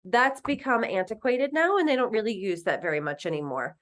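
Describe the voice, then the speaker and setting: A woman teaching a recorded French lesson, patiently explaining and repeating phrases slowly. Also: fairly high pitch, lively intonation, fairly bright tone.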